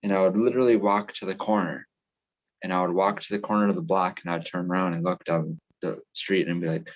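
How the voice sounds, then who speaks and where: A man with a deep, low-pitched voice talks in a loose, rambling way. He swears freely and restarts his sentences often, like friends chatting on a podcast. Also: steady tone, fairly quick, highs cut off. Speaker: podcast co-host. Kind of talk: casual chat.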